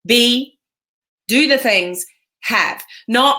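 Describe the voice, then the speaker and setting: An Australian business coach delivers an energetic, emphatic motivational talk on a live stream while chatting with viewers. Her voice is fairly high and she speaks extremely slowly.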